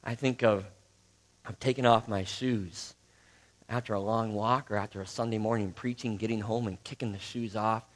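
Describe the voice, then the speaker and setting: Conversational Midwestern pastor preaching. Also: male voice, lowish voice, steady tone, normal speed. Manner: conversational, asks the congregation questions. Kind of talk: sermon teaching.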